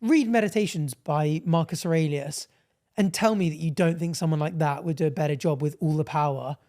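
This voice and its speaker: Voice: medium pitch, a little fast, warm tone. Co-host just chatting on a podcast, talks a lot, opinions on everything, middling voice. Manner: chatty, opinionated, plugs the show. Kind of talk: casual podcast chat.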